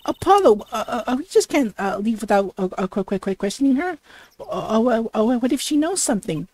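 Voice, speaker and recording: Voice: medium pitch, very animated, fairly quick, darkish tone, no echo. A gamer voicing a cheerful teenage girl magician, bubbly and upbeat, with heavy stutters while reading game dialogue aloud. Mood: excited.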